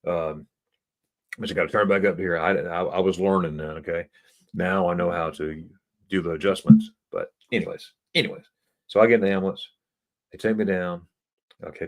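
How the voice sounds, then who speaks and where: Low-voiced guy rambling through a travel story on a live stream, laughs a lot. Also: steady tone, brisk. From United States. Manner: chatty, laughs often, repeats words. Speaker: travel host.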